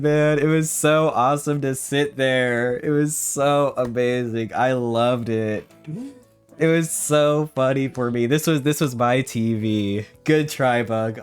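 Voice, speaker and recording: A man streamer giving a casual, sarcastic, animated recap of a trip. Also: medium pitch, clear, resonant tone.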